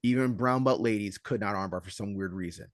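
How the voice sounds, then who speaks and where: A man co-hosting a casual podcast as a judo coach, telling stories in an animated way and acting out what others said. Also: on the low side, fairly quick, no room sound, clean studio sound. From Southern California. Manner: animated storyteller, acts out quotes loudly.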